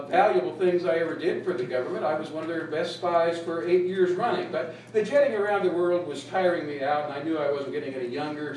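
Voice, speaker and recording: A man's voice: fairly high pitch, a little mellow, lightly acted. A man voicing a boastful old male talking dog who rambles matter-of-factly about his exploits, heard from a distance in an echoey room with faint noise. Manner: rambling, matter-of-fact bragging.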